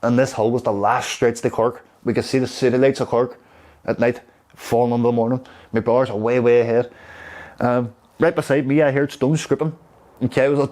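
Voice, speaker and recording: Derry man, interviewee, tells stories with lots of pauses and fillers. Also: mid-range voice, flat delivery, darkish tone. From Derry, Northern Ireland. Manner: rambling, halting, with fillers. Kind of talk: casual storytelling.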